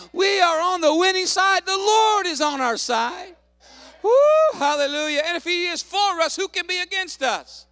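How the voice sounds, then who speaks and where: A man pastor preaching a fervent sermon, calling out hallelujahs and shouting to the congregation. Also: very high-pitched, no room sound.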